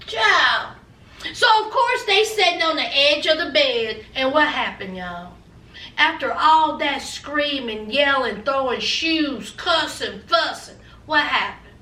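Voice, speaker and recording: A woman hosting a casual, gossipy TV recap, telling the story in a sassy, animated way. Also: high voice, slow pace, far from the mic. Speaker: reality TV recap host. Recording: echoey room, away from mic.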